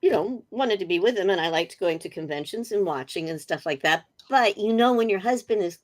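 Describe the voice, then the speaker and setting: A woman's voice: medium pitch, a little fast. A middle-aged woman, a guest on a casual interview over a video call, telling funny anecdotes with lots of energy and laughter. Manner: animated storyteller, laughing often.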